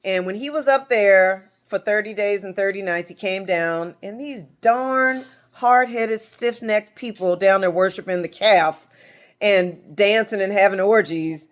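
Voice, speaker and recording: An American woman giving an informal Bible teaching to a small group at home, animated, acting out quotes as she talks to the room. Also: mid-range voice, a little slow. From United States.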